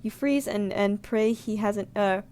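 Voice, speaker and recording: A young woman streamer reading a visual novel aloud, giggling and reacting with animated outbursts. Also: medium pitch, measured pace. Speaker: gaming streamer.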